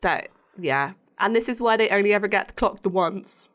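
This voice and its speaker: A woman's voice: medium pitch, expressive, moderate pace, fairly bright tone. A woman co-hosting a podcast, chatting casually as she recaps a TV episode, laughing often and acting out quotes from it. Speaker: podcast co-host.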